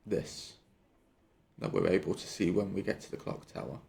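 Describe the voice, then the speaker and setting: A man's voice: low-pitched, very animated, moderate pace, vocal fry, a little mellow. A man playing a tabletop game, questioning with stumbles and restarts. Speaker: player. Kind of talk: casual tabletop game play.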